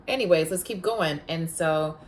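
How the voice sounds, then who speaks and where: A woman's voice: sits low, moderate pace. A woman hosting a podcast, telling personal stories in a blunt, frank way, cursing freely and peppering her talk with "like.". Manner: heated and emphatic when retelling conflict; rambling with many filler "like"s. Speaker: podcast host. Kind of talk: casual confessional storytelling.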